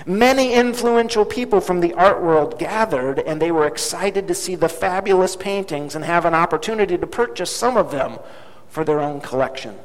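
A man preaching a sermon with storytelling, dramatic and emphatic, repeating key phrases. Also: high-pitched. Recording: long hall reverb.

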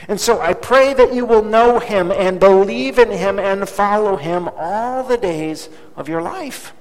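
Animated high-voiced preacher in a hall. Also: male voice, measured pace, few pauses. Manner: dramatic, emphatic repetition. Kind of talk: sermon with storytelling. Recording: long hall reverb.

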